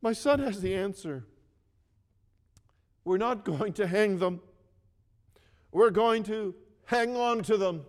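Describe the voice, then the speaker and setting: A man playing a resolute president speaking to a crowd, firm and repeating himself, slightly raised in pitch. Long reverb trails every phrase. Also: takes it slowly, long pauses. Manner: firm, declaring, repetitive. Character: calm older male president addressing a crowd.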